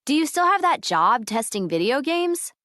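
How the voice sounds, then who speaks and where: A woman's voice: high voice, big pitch swings, normal speed, bright, forceful tone, no room sound, studio quality, exaggerated voice. An actress playing a friendly young woman asking a friend about his job in a scripted textbook dialogue. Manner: friendly, inquisitive.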